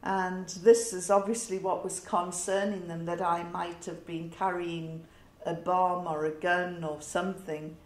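A middle-aged woman with a northern English accent tells a personal story in a reflective, wry way, with pauses and fillers. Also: on the low side, flat delivery. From north of England. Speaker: interviewee. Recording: roomy echo.

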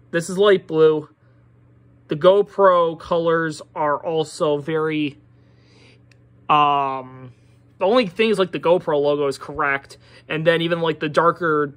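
Slow-talking exasperated Pittsburgh woman ranting. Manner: exasperated, profane, swings from low mutter to loud outburst. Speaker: diecast collector reviewer. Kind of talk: ranting product review.

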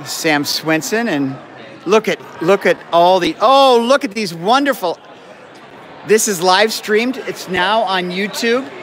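A man's voice: high-pitched, lively intonation, takes it slowly. A man hosting a live stream in a school gym, joking with students and often apologizing. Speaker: event host live streaming. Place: school gym with a crowd, indoors. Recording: loud crowd chatter and noise. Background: crowd chatter.

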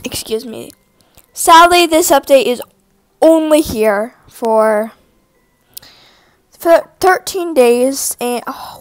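A woman giving excited gameplay commentary to her viewers, gushing, gasping often and calling out to them constantly. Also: high-pitched, slow, long pauses, soft background music. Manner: gushing, gasps often, keeps saying "you guys". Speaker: gaming video creator.

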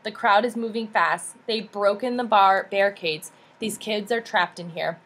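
A woman's voice: mid-range voice, moderate pace, fairly bright tone. A woman voicing a worried male official who talks frantically and urgently. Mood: frantic.

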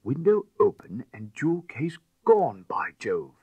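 A blustering old English aristocrat, as a man puts him on, exclaims loudly with a high, lively swing. The voice is husky and dry. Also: unhurried, dry recording, dull audio, heavily acted. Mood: excited. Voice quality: loud, blustering. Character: blustering elderly English lord, loud and startled.

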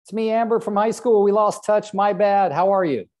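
A man's voice: high voice, moderate pace, darkish tone, voice pushed up, natural voice. A man putting on the voice of a cheerful young female real estate agent who breezily calls an old classmate. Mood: breezy.

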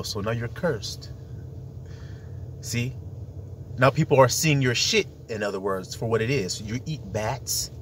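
A man's voice: medium pitch, a little hiss or hum. A man preaching in an emphatic, rambling monologue, full of rhetorical questions.

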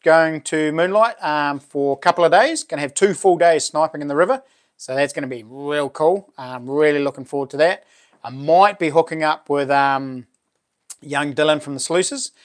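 A laid-back New Zealand man with a somewhat high-pitched voice hosts a live stream. He reads out viewer comments and greets everyone as bro or brother in an easygoing, chatty way. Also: normal speed.

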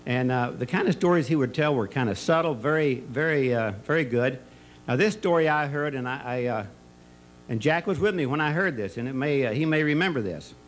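A man's voice: mid-range voice, lively intonation, brisk, a little hiss or hum, poor audio. Rambling folksy man telling party stories. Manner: rambling storyteller who tells jokes with many restarts and fillers. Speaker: retirement party speaker, former school colleague. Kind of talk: folksy anecdotal speech at a party. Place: party or banquet room.

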